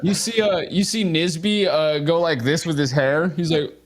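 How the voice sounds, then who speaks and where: A man's voice: a little high, steady tone, normal speed. A man narrating as game master of a tabletop role-playing game, telling the scene loosely with fillers and laughs.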